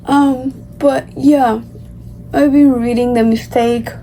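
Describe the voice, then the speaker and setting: A young woman giving a casual, rambling vlog update about her reading, chatty and excitable but sleepy. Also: high-pitched, slow pace, a little hiss or hum. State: sleepy and tired. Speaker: book vlogger.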